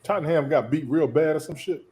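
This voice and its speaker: A man's voice: on the high side, a little fast, crowd noise. A man on a podcast in casual chat, bantering brashly with plenty of swearing.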